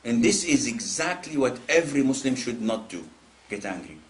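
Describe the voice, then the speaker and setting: A male Islamic preacher giving a lecture, telling stories with lively acted-out voices and frequent laughter. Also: medium pitch, normal speed. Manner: animated storytelling, mimics callers in raised voices.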